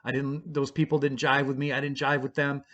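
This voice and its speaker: A man's voice: mid-range voice, flat delivery, a little fast, fairly bright tone. A man casually telling his own story in a blunt, profane, rambling way, with frequent restarts.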